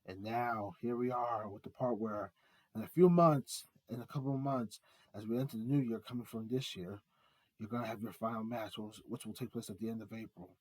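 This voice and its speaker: A man's voice: fairly low pitch, fairly even intonation, a little fast, darkish tone, breathy edge, dry recording. A man giving a rambling, earnest fan monologue, repeating himself and building up announcer-style reveals. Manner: earnest, heartfelt tribute. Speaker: art vlogger.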